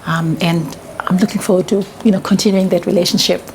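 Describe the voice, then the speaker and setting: In an interview, a woman gives an earnest, reflective testimonial about a retreat, laughing when she gets excited. Her voice is fairly low and brisk, with a little hiss or hum in the recording.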